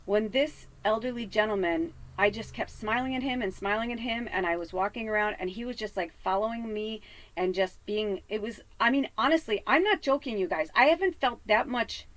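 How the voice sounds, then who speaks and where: In her casual vlog, a Chicago psychic medium recounts a heated story brimming with swearing and fillers such as "like" and "you know." Her medium-pitched voice is a bit bright and brisk, and the audio is rough.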